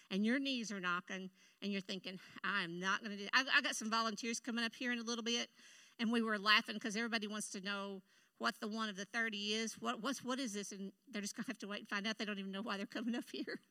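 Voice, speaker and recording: A woman preaching a sermon in a church, emphatic and animated, with quick asides to the congregation. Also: mid-range voice. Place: church sanctuary.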